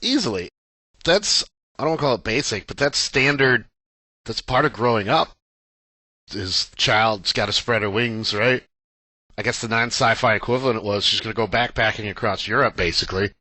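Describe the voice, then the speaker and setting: A man co-hosts a casual podcast and talks things through in a thoughtful, measured way. His voice is a little low yet bright and forceful, and it sounds dry and close. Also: no echo. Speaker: podcast co-host. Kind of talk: casual chat.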